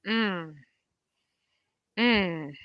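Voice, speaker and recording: A woman's voice: mid-range voice, drawn-out words, dry recording. A woman hosting a conversation, earnest and affirming, on a slightly muffled recording. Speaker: host. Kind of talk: conversational interview. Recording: slightly muffled, dry sound.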